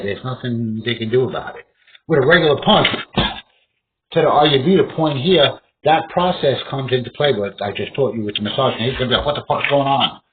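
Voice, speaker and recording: Man, rambling fight instruction, swearing, lively swings in pitch, tinny phone-like sound. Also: a little hiss or hum. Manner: profane, rambling, acts out opponent's reactions with outbursts. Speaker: martial arts instructor. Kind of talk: rambling casual instruction to camera.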